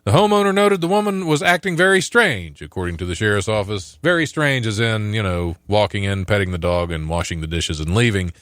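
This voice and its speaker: A man's voice: on the low side, expressive, fairly quick, few pauses, fairly bright tone, no echo, clean studio sound. Laughing man reading odd news. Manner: reads news items aloud with asides and laughs. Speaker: podcast host. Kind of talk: casual chat, reading news stories.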